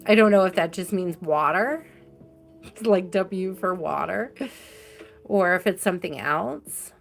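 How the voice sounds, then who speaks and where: A woman's voice: fairly low pitch, creaky, soft background music. A woman doing a live tarot reading, chatty and affectionate, tired and yawning, stretching out key words. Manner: chatty and affectionate, drawn-out stresses, frequent laughs. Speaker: tarot reader.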